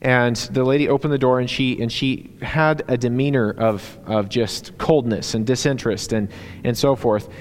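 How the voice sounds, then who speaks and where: A man delivers a sermon as a guest preacher in a church. His voice sits at an ordinary pitch, and he talks haltingly, full of ums and restarts. The recording carries a long reverb from the sanctuary. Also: steady tone. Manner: halting, many fillers and restarts. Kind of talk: sermon with personal stories.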